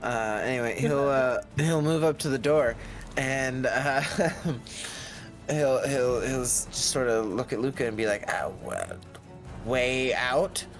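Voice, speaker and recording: Slow-talking male player counting moves. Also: mid-range voice. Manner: slow, thinking aloud while counting moves. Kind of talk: playing a tabletop game. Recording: faint background music.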